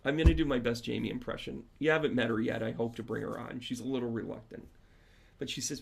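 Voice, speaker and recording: A man's voice: mid-range voice, a little fast, creaky. A man working as a spiritual medium, chatting casually and rambling to his viewers on a livestream. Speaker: spiritual medium and tarot teacher.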